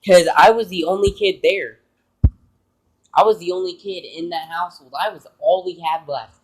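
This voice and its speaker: A man's voice: high-pitched, normal speed, poor audio. Earnest man telling a personal story. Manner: earnest, emotional, rambling. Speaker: vlogger.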